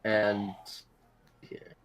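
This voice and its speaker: A man's voice: fairly low pitch, monotone, drawn-out words, dull audio. A man running a tabletop game as game master, narrating in a loose, casual way.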